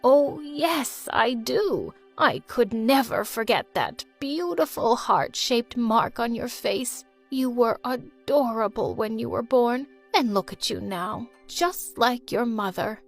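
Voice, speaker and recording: A gentle old nurse as voiced by a woman speaks in a slow, soft, fond way in a fairly high voice. Faint music plays behind this animated storybook voice. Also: exaggerated voice.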